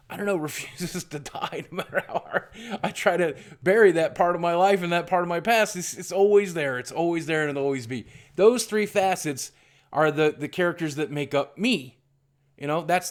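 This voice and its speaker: Rambling candid man, slightly high voice. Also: moderate pace. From southwestern Virginia. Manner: candid, rambling, self-deprecating, with restarts. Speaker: YouTuber. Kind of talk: rambling vlog monologue.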